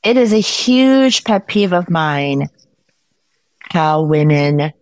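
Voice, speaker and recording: A woman's voice: sits low, animated, takes it slowly, a little mellow, no room sound, clean studio sound. A woman speaking as a podcast guest in casual conversation, emphatic and opinionated, stacking her points through repetition.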